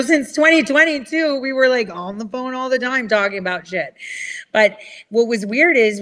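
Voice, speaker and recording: A woman ranting in casual chat, rambling and swearing, switching to a higher voice when she mimics other people. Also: a bit bright.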